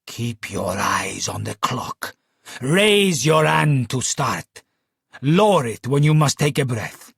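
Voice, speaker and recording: A man voicing a boastful Italian stage escape artist, booming slowly in an Italian accent. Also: expressive, creaky, a bit bright, slightly rough, no room sound, clean studio sound, exaggerated voice. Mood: booming showman. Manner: booming, slow showman delivery. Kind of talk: audiobook character voice.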